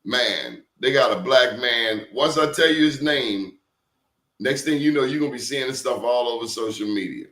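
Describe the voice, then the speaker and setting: A man talking in an animated, emphatic way, leaning on blunt slang as he tells his stories. His voice sits at an ordinary middle pitch, and the room around him gives it a noticeable echo. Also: normal speed. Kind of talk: casual conversation. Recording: roomy echo.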